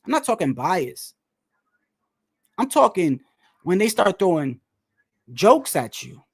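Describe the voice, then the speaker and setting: A man, a boxer, chatting casually about a fight, animated and laughing, saying "bro" a lot. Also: high-pitched, takes it slowly, vocal fry, slightly rough. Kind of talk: casual fight commentary chat.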